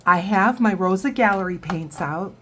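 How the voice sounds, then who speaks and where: A woman's voice: mid-range voice, normal speed, pushed and bright, a little hiss or hum. A woman giving a casual painting tutorial, chatting and thinking aloud as she works. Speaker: watercolor instructor.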